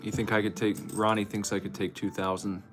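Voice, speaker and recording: A man's voice: lowish voice, flat delivery, brisk, music in the background. A man hosting a livestream, chatting casually and joking playfully. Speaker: streamer host.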